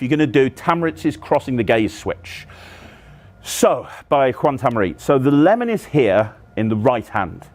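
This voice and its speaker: A man's voice: mid-range voice, sing-song, unhurried. A man explaining a sleight-of-hand magic trick step by step, demonstrating moves as he talks. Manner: demonstrative, walks through moves aloud. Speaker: magic instructor.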